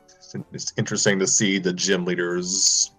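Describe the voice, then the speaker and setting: A man co-hosting a podcast, talking in a relaxed, hesitant way with fillers. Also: deep voice, normal speed, faint music behind. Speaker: podcast co-host. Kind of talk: casual chat.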